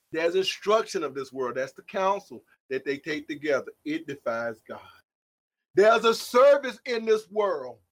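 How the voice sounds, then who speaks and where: A man preaching a sermon, shouting some lines and dropping others to a hush, calling out to listeners by name. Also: on the high side. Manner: shouting emphatic lines, swinging between loud and hushed.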